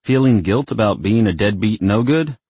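A man's voice: lowish voice, animated, normal speed, a little mellow, husky, no echo, voice pushed up. A man voicing a defiant, sarcastic young man who is the devil's son.

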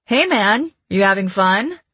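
A woman's voice: medium pitch, animated, a little slow, a bit bright, breathy edge, no echo. A woman voicing a charming, flirtatious man at a party, teasing and easygoing in an audiobook reading. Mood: friendly.

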